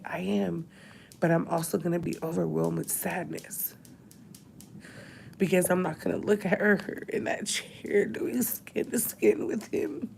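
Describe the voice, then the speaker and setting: Low gravelly woman crying on camera. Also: steady tone, a little slow, darkish tone, slight background noise. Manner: emotional, breaks into whispers and sighs. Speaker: vlogger. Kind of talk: tearful confessional vlog. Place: hospital room.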